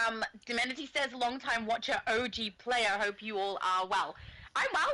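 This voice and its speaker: A woman's voice: on the high side, normal speed, pushed and bright, rough recording. A woman with an Australian accent, co-hosting a live stream in casual chat, reading out viewers' messages and laughing often, with a slight cough. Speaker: stream co-host.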